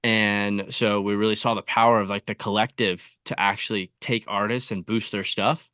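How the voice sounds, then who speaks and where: A man's voice: fairly low pitch, flat delivery, normal speed, sharp tone, clear, resonant tone, dry recording, clean studio sound. A man guesting on a podcast, telling his story in an easygoing way with lots of likes and you-knows. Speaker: podcast guest, content creator. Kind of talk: casual interview.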